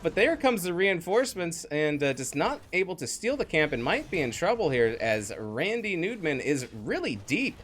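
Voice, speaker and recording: A man casting a live online game match, jokey and animated, laughing often. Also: on the high side, moderate pace, few pauses, slight background noise. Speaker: esports caster.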